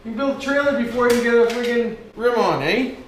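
A man's voice: extremely high pitch, fairly quick, roomy sound, a little hiss or hum. A man from Canada with a Canadian accent, chatting to his viewers as he works in his workshop, cursing and calling them 'boys'. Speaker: vlogger. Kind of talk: casual workshop vlog, talking to viewers.

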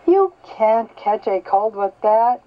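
A woman's voice: on the high side, lively intonation, takes it slowly. An older woman voicing a cheerful young boy squirrel in a storybook reading, amused and teasing. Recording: slightly dull lo-fi recording.

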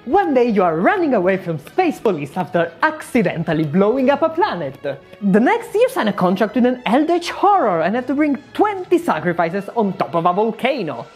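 A woman's voice: big pitch swings, moderate pace, darkish tone, slightly rough, faint music behind. A woman doing a comic supervillain-persona narration, theatrical and sarcastic. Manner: theatrical, sarcastic, swinging wildly in pitch. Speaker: YouTube maker.

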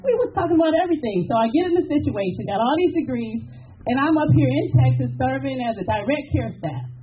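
A woman's voice: high voice, expressive, fast, phone-quality sound, soft background music. A middle-aged woman speaking at a church memorial service, giving a heartfelt tribute to her mother and calling out to the congregation for amens. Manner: preacher-like call and response with the crowd.

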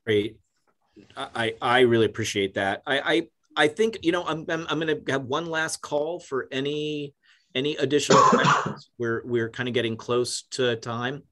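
A man's voice: medium pitch, normal speed, bright, forceful tone, a little hiss or hum. A man moderating a webinar panel, stammering and repeating words as he wraps up.

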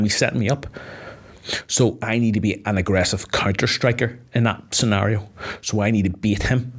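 A man, an MMA fighter, chatting casually on a podcast, swearing freely and filling his speech with "like" as he explains. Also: on the low side.

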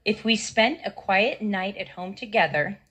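A woman's voice: medium pitch, a little slow, fairly bright tone, husky. A woman contestant on a game show, giggly and cheerful.

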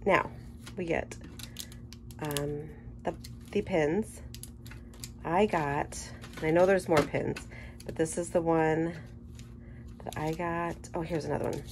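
A woman chatting casually through an unboxing, gushing with enthusiasm and dropping into soft murmured asides. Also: low-pitched, steady tone, slow, long pauses, a little hiss or hum. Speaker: scrapbooking vlogger.

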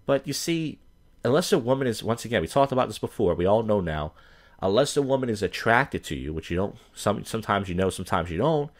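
A man's voice: on the low side, very animated, fairly quick. A man, an open mic comedian, ranting to camera in a crude, rambling way, swearing constantly and full of fillers and restarts. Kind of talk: profane rambling rant to camera.

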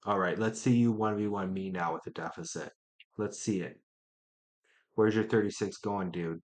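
A man streaming a strategy game, thinking out loud, muttering to himself and trash-talking opponents. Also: fairly low pitch, steady tone, normal speed. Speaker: gaming streamer. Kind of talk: live gameplay commentary.

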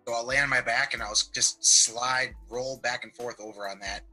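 A man's voice: mid-range voice, fairly even intonation, moderate pace, pushed and bright, husky, faint music behind, low-quality recording. A young man, a guest on a call-in show, chatting loosely over a video call, with lots of "like" and mild swearing. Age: young adult. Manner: loose, laid-back, peppered with "like" and mild swearing. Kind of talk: casual chat.

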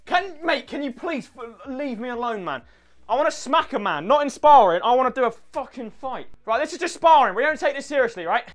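A man commenting on his own gaming in a very high, bright voice that swings wildly up and down. He swears freely, jokes constantly, and keeps tipping into shouts. Faint music plays underneath. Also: animated, fairly quick. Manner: loud, sweary, jokey, often shouting. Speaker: gaming YouTuber.

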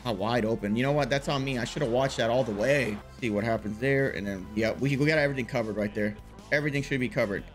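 A man commentating his own video game match, casual and full of slang, muttering one moment and yelling the next. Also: medium pitch, fast, faint music behind. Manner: animated, swings from muttering to loud outbursts, casual slang. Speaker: gaming YouTuber. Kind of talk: excited live gameplay commentary.

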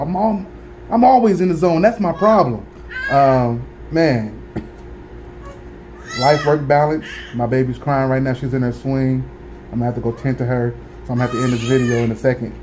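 A man's voice: medium pitch, a little mellow, slight background noise. Laid-back man giving a slangy book review. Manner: laid-back slang, frequent fillers and restarts. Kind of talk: casual direct-to-camera book review. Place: at home.

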